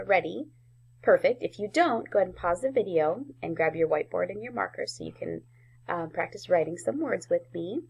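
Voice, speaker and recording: Gravelly-voiced teacher talking to first graders. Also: female voice, mid-range voice. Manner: slow, clearly sounded-out words with gentle encouragement. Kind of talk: recorded phonics lesson for young children.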